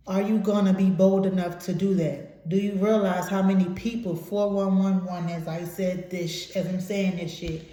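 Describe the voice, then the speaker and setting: A woman's voice: medium pitch, warm tone. A woman giving a channeled tarot reading to her viewers, emphatic and preachy, swearing casually. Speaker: tarot reader. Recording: very echoey room.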